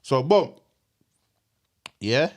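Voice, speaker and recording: A young man, co-hosting a comedy podcast and doing a slangy mock business pitch. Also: big pitch swings, extremely slow. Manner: slangy, giggling fits, sleep-deprived. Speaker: podcast co-host.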